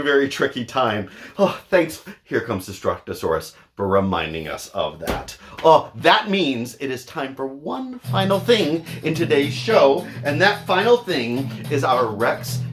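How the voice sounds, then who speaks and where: Animated, slow-paced male storyteller. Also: medium pitch, faint music behind. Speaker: children's author and show host. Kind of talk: expressive read-aloud of a picture book. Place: at home.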